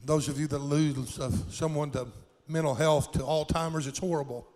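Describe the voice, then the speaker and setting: Older male pastor, fervent folksy sermon, somewhat high voice, long hall echo. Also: fairly even intonation, moderate pace, a little mellow. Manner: impassioned folksy preaching with plain country grammar. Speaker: preacher. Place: church sanctuary.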